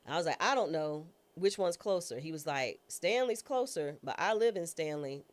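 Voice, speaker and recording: A woman guest, a former judge and trial attorney, recounts a personal story in a low, grounded voice that stays in the lower register. Speaking casually at normal speed, she's a lively storyteller who slips into other people's voices when quoting them.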